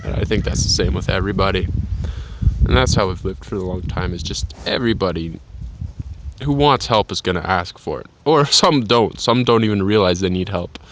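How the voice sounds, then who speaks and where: A man's voice: low-pitched, normal speed, noisy background. Rambling young man talking from a tree. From Canada. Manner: rambling, playful, slips into put-on voices. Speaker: vlogger. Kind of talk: casual outdoor monologue. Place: outdoors sitting in a tree on a farm.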